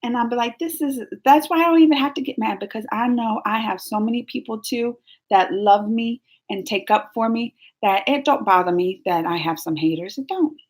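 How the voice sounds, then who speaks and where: A woman's voice: fairly high pitch, moderate pace, a little mellow. A woman hosting a casual live stream, chatting and giggling as she reads viewer comments aloud. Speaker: YouTube reaction host.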